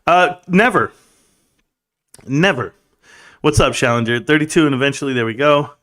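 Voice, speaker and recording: A man's voice: a little high, lively intonation, moderate pace, fairly bright tone. A man hosting a casual livestream from a room at home, reading out chat in a laid-back, chummy way and laughing often.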